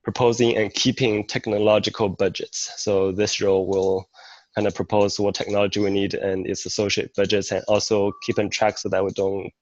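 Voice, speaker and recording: A man, the meeting secretary, calmly explaining a role proposal in casual meeting talk, step by step with fillers. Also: lowish voice, moderate pace, no echo, highs cut off.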